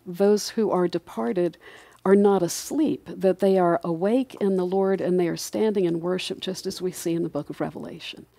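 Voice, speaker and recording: In this conversational podcast interview, a middle-aged woman appears as the guest. Her mellow, lowish voice comes through dry, without room sound, as she reflects earnestly and lets out the occasional light laugh.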